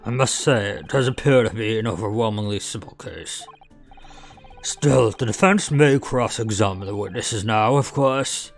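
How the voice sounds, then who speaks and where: A man voicing a stern male judge in a courtroom game, with measured, formal pronouncements. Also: on the low side, soft background music, natural voice. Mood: grave. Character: stern male judge presiding over a trial.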